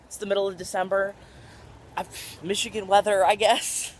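A man's voice: high voice, flat delivery, moderate pace. A young man vlogging his day in a rambling, venting way, full of "like". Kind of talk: casual vlog to camera. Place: home, then out and about. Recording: noisy background.

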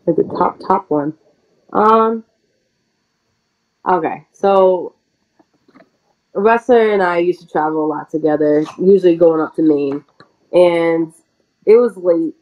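In a relaxed interview, a female pro wrestler tells a story in a chatty, animated way, peppering it with "like" and quick laughs. Her voice is on the lower side, and the audio sounds dull.

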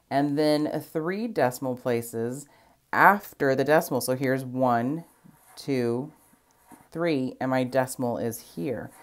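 A woman teacher explaining a math lesson patiently, step by step, counting places aloud. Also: deep voice.

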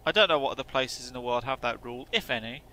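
A man's voice: medium pitch, fast talker, sharp tone, a little hiss or hum. A man giving casual, rambling gameplay commentary, swearing offhandedly as he plays. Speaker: gameplay video host. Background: truck driving game sounds.

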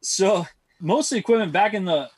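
A man, a guest on a podcast, telling stories in a calm, matter-of-fact way. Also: sits high, a little fast, husky, dry recording. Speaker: podcast guest, former boss. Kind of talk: casual chat.

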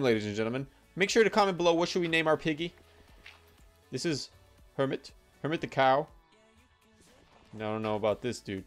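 A young man records casual commentary over his own gameplay. He is chatty and jumps quickly into excitement. Faint background music plays beneath his voice. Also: mid-range voice. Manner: chatty, excitable, talks to the animals in the game. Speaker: gaming YouTuber.

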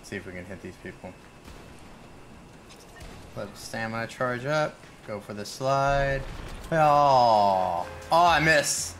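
A man's voice: mid-range voice, animated, slow pace, pauses often, a bit bright, a little hiss or hum. A man streaming a video game, chatting casually and laughing often. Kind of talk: casual gameplay chat.

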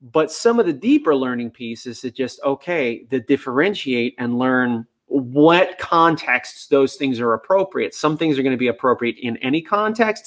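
A man, a dog trainer, answering viewer questions in a relaxed, chatty live-stream style with many fillers. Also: medium pitch, moderate pace.

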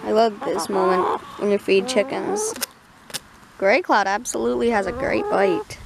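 A woman from Canada chatting casually in a backyard tutorial vlog, talking softly to her chickens. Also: medium pitch, very animated, normal speed, gravelly, a crowd in the background. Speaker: vlogger. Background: chickens clucking.

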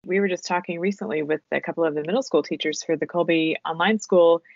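A podcast host in casual conversation who responds to the guest with warm appreciation. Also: medium pitch, fairly even intonation, fast, gravelly, dry recording. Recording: dry, muffled lo-fi audio.

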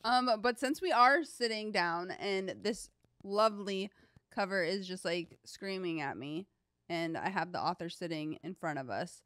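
A woman co-hosting a podcast in casual chat, upbeat and quick to laugh. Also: lowish voice, fairly bright tone, no echo, clean studio sound. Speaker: podcast co-host.

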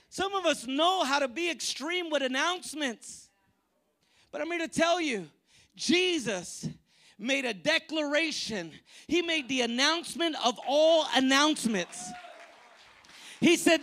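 A man preaching a lively sermon as pastor at a church service, often shouting and using casual slang. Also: extremely high pitch, a little slow. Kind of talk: energetic sermon.

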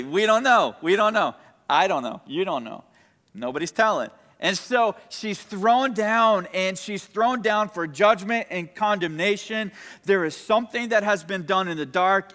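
A man with a high, pushed, bright voice preaches from the pulpit of a church sanctuary. He invites call-and-response from the congregation, and the hall echoes around him.

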